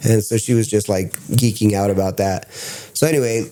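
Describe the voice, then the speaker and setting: A man telling stories as a podcast guest in casual chat, excitable and swearing freely. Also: fairly low pitch, moderate pace. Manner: excitable, profane storyteller.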